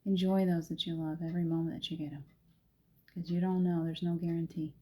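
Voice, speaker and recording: A woman's voice: on the low side, little pitch movement, a little fast, warm tone. A woman hosting a chatty spiritual live stream and guiding a meditation, laughing often. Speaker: spiritual host.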